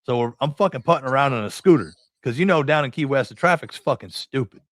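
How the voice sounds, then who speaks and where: A middle-aged man from New England hosts a casual podcast, swearing freely as he rambles through anecdotes and plays out both sides of the conversation. His voice sits at a medium pitch and is recorded dry, with no room sound. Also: expressive, fast, no echo. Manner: profane, rambling anecdotes with acted-out dialogue. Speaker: podcast host. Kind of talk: casual storytelling chat.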